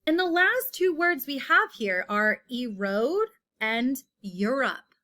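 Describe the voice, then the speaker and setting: Female teacher, slightly high voice, slow deliberate delivery for a children's word lesson. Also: expressive, sharp tone. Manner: slow, patient, repeats each word with example sentences.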